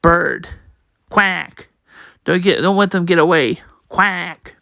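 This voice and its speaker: A man's voice: fairly high pitch, moderate pace, creaky, a bit bright, no room sound, studio quality. A man reading a manga aloud, voicing every part and the sound effects, often stumbling and repeating words. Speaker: comic reader.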